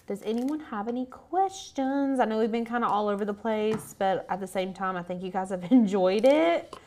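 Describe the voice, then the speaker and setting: A woman's voice: medium pitch, a little mellow. Upbeat woman co-hosting a craft show. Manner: upbeat, chiming in with quick praise. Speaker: co-host. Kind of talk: casual chat.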